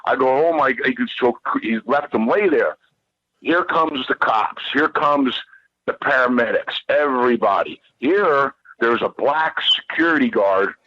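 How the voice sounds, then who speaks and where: A man with a bright, forceful voice spins a rambling, heated tale as a podcast guest, cursing constantly and tripping over his own words. The audio is a little dull and lo-fi. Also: mid-range voice, a little slow, no echo. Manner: rambling, heated, repeats himself, swears constantly. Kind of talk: profane storytelling on a podcast.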